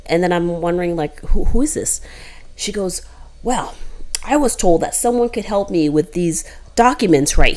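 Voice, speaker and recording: Animated woman telling stories. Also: lowish voice. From United States. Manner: animated storyteller, quick bursts, quotes others. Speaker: co-host. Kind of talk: casual chat.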